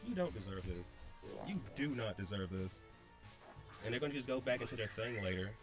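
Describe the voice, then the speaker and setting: Slangy young man with a lively voice. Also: fairly low pitch. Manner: slangy, blunt, repeats himself. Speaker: draft league player. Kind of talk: casual gameplay commentary.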